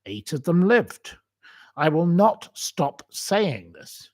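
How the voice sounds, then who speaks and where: A man's voice: a little high, very animated, takes it slowly, a little mellow. A man hosting a live stream, answering viewer comments in an emotional, indignant rant that repeats itself. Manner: indignant, ranting, repeats himself.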